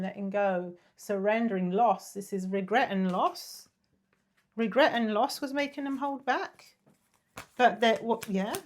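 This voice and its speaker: A woman giving a casual tarot reading, chatty and apologetic, drifting into soft murmurs and breathy sighs. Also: mid-range voice. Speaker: tarot reader.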